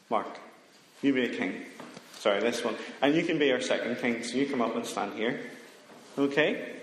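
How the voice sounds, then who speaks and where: His voice medium-pitched, expressive and at normal speed, a man leads a children's talk in a big church hall, playfully drawing people from the pews to perform a story. Long reverb and faint noise fill the echoey recording.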